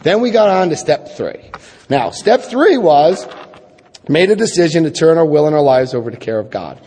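Husky man telling his recovery story. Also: on the high side, moderate pace. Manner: animated storytelling, acts out quoted dialogue. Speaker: recovery meeting speaker. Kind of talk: personal recovery talk. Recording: long hall reverb.

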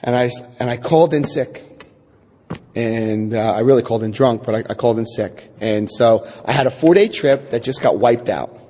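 Middle-aged man, husky voice, animated testimony talk, echoey hall. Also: medium pitch, normal speed. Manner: animated storyteller, acts out quotes, wry asides. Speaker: speaker telling his recovery story. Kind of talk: personal testimony talk to an audience.

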